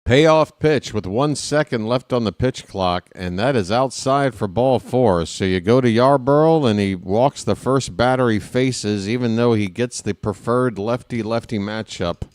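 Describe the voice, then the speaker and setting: A man calls a ballgame as a fan play-by-play commentator, taking his time between pitches and tossing in dry, wry asides. His voice is smooth and clear, recorded close and dry with no room sound. On big hits he erupts into excited shouting. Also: a little slow, hardly any pauses, dry recording.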